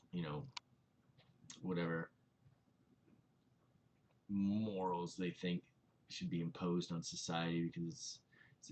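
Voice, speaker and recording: In a casual vlog chat, a man with a low voice reads viewer comments out loud and meanders through his answers, full of fillers. There's a slight hiss or hum on the recording.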